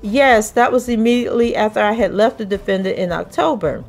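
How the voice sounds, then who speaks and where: A woman's voice: medium pitch, a little fast, vocal fry. A young woman on the stand gives short, slightly raised replies, as a woman reads her part from a transcript. She sounds guarded. Faint music sits behind her. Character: young woman witness answering under questioning.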